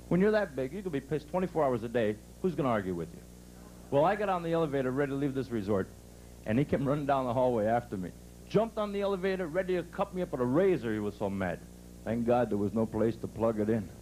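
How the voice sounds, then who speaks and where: A man's voice: mid-range voice, a little mellow, a little hiss or hum, rough recording. A man doing brash live stand-up comedy, working the crowd with punchy delivery on a resort club stage.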